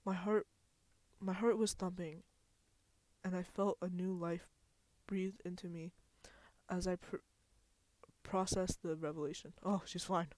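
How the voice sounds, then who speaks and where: A woman streamer who reads game text aloud and reacts with expressive, dramatic outbursts. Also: fairly low pitch, measured pace, no room sound.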